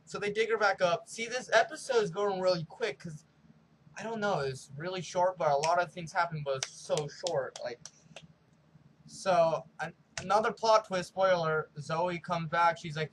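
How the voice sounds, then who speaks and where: A man hosting his own review show, recapping an episode casually and excitedly, peppering his talk with "like" and spoiler warnings. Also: a little high, unhurried, a little hiss or hum, low-quality recording. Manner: animated storytelling full of "like" and spoiler warnings. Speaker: show host.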